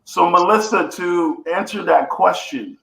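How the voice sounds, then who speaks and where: A man's voice: high-pitched, a little slow, creaky, fairly bright tone, roomy sound, poor audio. A man speaking as a guest coach, telling his story earnestly and building his points through repetition. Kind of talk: reflective storytelling.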